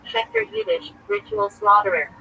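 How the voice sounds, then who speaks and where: Male rabbi on a livestream, gravelly and bright-toned, reading a list in terse clipped bits with a lively, jumpy pitch. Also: normal speed, slight background noise, rough recording. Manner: clipped fragments, terse and listing.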